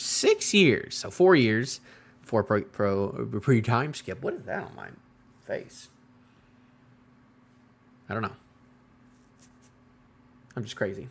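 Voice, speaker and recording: His voice is lowish and slow, with vocal fry and frequent pauses. He's a man casually live-streaming his reaction to a manga chapter, rambling animatedly and talking with his chat.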